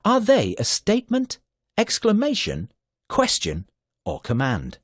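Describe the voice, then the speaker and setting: A man narrating a children's grammar video in a slow, sing-song scripted style with a husky voice. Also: sits high, wildly swooping pitch, no room sound, studio quality.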